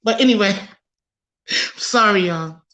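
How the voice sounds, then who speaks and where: A woman hosting a talk show, animated and preachy, overheated and sweating under studio lights. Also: medium pitch, slow. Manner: animated, preachy, laughs a lot. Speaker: podcast host. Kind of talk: casual talk-show discussion.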